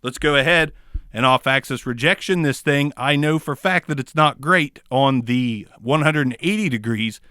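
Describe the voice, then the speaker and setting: A man with a Southern US accent casually reviewing a microphone in his small home studio, goofy, swearing and cracking crude jokes, with sudden loud outbursts. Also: mid-range voice, moderate pace, no room sound. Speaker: mic reviewer.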